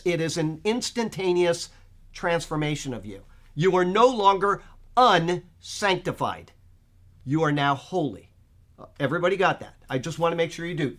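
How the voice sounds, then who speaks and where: A man with a somewhat high voice teaches an informal Bible study. He explains points at length and thinks aloud with fillers as he goes. He keeps checking in with his listeners to make sure they follow. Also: fairly bright tone. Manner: checks in with listeners, often asking "okay?".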